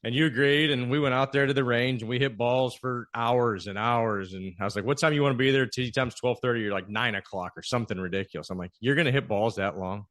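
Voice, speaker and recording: Animated man telling a golf story. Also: medium pitch, fast, few pauses. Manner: animated storyteller, acts out quoted lines. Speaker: podcast host. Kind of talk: casual storytelling chat.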